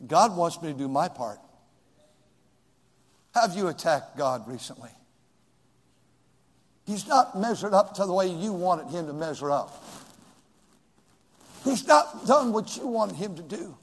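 High-pitched preacher in an echoing hall. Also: male voice, sing-song, unhurried, pauses often, slightly rough. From California. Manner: swings from shouting to hushed, emphatic repetition. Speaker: pastor. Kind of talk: sermon. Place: church sanctuary.

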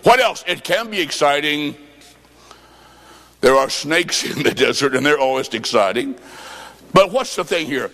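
A man preaching a folksy sermon, telling stories with quoted dialogue and bursting into shouts. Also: fairly high pitch, in a large hall.

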